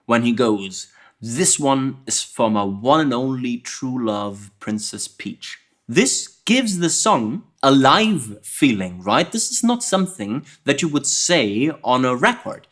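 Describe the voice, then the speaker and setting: A man teaching songwriting, explaining patiently and often checking in with the listener with a quick "okay?". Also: medium pitch, a bit bright. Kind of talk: music analysis lesson.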